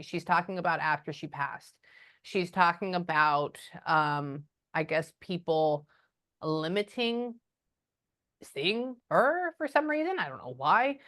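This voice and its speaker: A woman giving a casual spoken reading as a psychic medium, often pausing and muttering "hold on" while she thinks. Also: lowish voice, lively intonation, fairly bright tone.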